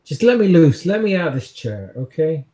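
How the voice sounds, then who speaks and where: A man's voice: a little high, sing-song, normal speed, warm tone, reverberant. A man voicing a cornered male vampire schemer tied to a chair, pleading frantically and swearing. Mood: frantic.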